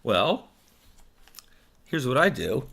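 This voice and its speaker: A man's voice: mid-range voice, very animated, extremely slow, creaky, a bit bright, husky. Chatty, self-mocking man actor. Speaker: stage actor. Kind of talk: casual vlog chat. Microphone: desk microphone.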